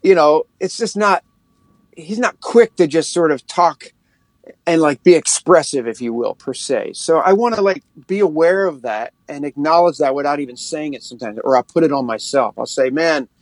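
A middle-aged pastor and worship leader gives casual podcast advice in a relaxed, upbeat manner, his voice a little high for a man. Whenever he reads scripture aloud, he slows right down. The sound is close and dry with no room echo.

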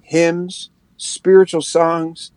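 A middle-aged pastor talks in a relaxed, upbeat way, his voice sitting a little high for a man. He slows right down whenever he reads scripture aloud. The sound is close and dry, with no room echo. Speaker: pastor and worship leader. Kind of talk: casual podcast advice.

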